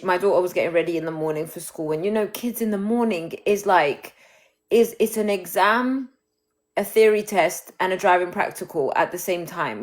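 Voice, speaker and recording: A grieving woman speaks low on her phone at home. She talks candidly and emotionally, stopping and restarting her sentences. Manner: open and emotional, halting restarts. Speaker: livestream host. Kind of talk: candid live chat.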